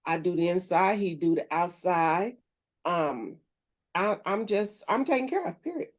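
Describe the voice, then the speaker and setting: A middle-aged woman co-hosting a casual faith chat, talking quickly and playfully with squeaky quoted voices. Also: animated. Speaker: podcast co-host.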